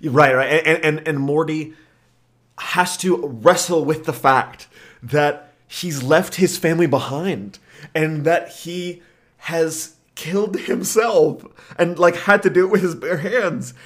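A man co-hosting a casual podcast chat, telling stories in an animated way and laughing often. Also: fairly high pitch, takes it slowly. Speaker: podcast co-host.

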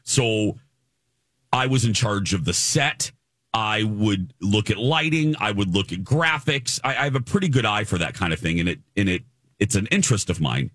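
A middle-aged man hosting a talk show, telling a story in a chatty, animated way and laughing often. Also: on the low side, normal speed, dry recording, studio quality. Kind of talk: casual on-air storytelling.

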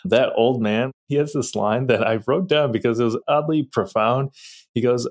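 Easygoing male podcast co-host, mid-pitched, dry humor. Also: moderate pace. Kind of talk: casual movie chat.

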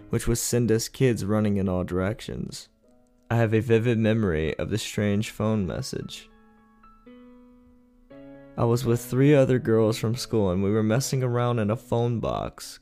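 A man with a fairly low voice narrates eerie stories, taking his time over each line. Soft guitar plucks along quietly behind him. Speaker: podcast host and narrator. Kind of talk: scripted narration of creepy tales.

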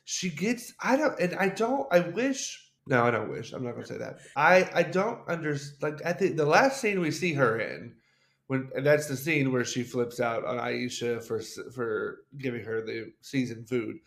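A man co-hosting a podcast at an ordinary mid pitch. He chats casually and enthusiastically, stumbling and restarting as he gathers his thoughts. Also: lively intonation, gravelly, fairly bright tone, reverberant. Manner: enthusiastic, halting, many restarts. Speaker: podcast co-host. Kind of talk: casual chat.

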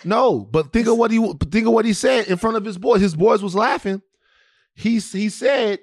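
A man from Louisiana tells a story on a podcast, animated and profane, with lots of stammered restarts. His voice sits a bit high for a man, and the recording is dry and close. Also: moderate pace, dry recording. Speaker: podcast co-host. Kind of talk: casual storytelling chat.

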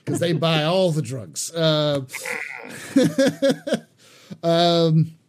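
A man's voice: on the high side, big pitch swings, extremely slow, slight background noise. A man hosting a casual panel chat, rambling a little as he reads out viewer questions. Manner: rambling, with many restarts and fillers. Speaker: show host reading viewer questions.

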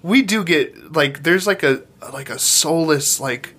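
A man's voice: fairly high pitch, a little slow, fairly bright tone, breathy edge. Rambling, swearing male podcast host. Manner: rambling, filler-heavy, swears casually. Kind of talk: casual chat.

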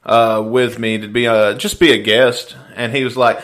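A man from the hosts a podcast in a loose, joking way. His voice is bright and clear, and he swears freely as he spins a story. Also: medium pitch, flat delivery, normal speed. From Mississippi, US. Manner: storytelling, swearing, laughing often. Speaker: podcast host. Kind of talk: casual podcast chat.

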